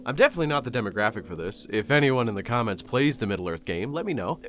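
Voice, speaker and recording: Excitable swearing young man, lively pitch. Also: fast talker, few pauses, faint music behind. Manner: excitable and sarcastic, swears often. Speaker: YouTube host reacting to announcements. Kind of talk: casual commentary.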